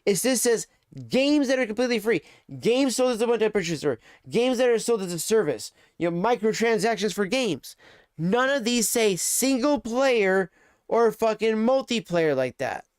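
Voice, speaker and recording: A man's voice: sits high, animated, moderate pace, clear, resonant tone, dry recording, clean studio sound. A man streaming live, ranting in casual, profane, rambling chat.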